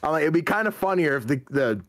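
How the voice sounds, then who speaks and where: A man chatting casually on a podcast who jokes with short deadpan quips. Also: a little high, fast talker, a loud crowd.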